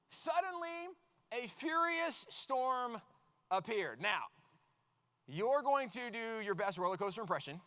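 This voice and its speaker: A man leads a youth sermon, reading scripture and then steering volunteers through a playful skit. His voice sits very high for a man and sounds sharp and forward. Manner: energetic, playful, directs volunteers on stage. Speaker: youth speaker. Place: large youth event hall.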